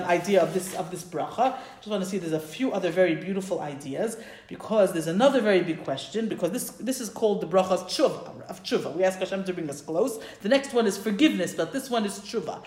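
A woman religious teacher explaining a prayer and telling a story, enthusiastic and thinking aloud as she corrects herself. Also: mid-range voice. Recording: roomy echo.

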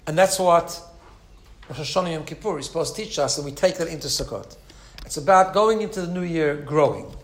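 A man teaching a religious lesson, telling a story with an animated manner and frequent asides. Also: fairly high pitch, fairly quick.

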